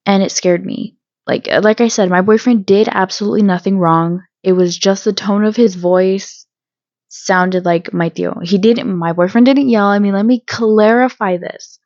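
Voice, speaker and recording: A woman hosting her own channel, telling a personal story in a hesitant vlog style with many pauses and restarts. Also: mid-range voice, darkish tone, no echo, dull audio. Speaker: channel host.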